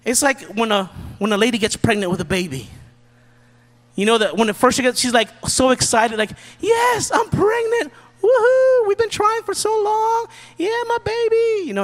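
A man preaching a sermon from the pulpit in a relaxed, joking, conversational way. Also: high voice, big-room sound. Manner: casual, joking preacher who acts out quotes. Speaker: pastor.

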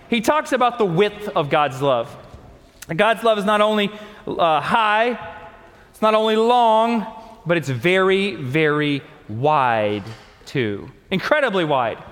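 A male pastor preaches a sermon, stacking phrase on phrase with emphatic repetition. His voice sits high for a man, and it carries through a long church-hall reverb. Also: fairly bright tone. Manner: emphatic, repetitive build-ups. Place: church sanctuary.

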